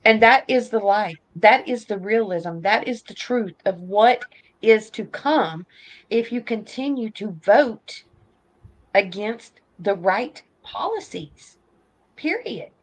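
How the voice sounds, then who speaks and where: A woman's voice: mid-range voice, slow pace. A woman in her fifties hosting a podcast, talking politics in a heated, emphatic rant. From United States. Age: 50s. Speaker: podcast host. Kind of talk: political opinion talk.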